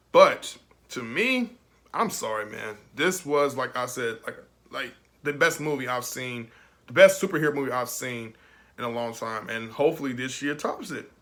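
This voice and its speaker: Young male reviewer, bright tone, loose chatty delivery with frequent laughs. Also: medium pitch, normal speed. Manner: rambling and emotional, laughs often. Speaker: film reviewer. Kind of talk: casual video review.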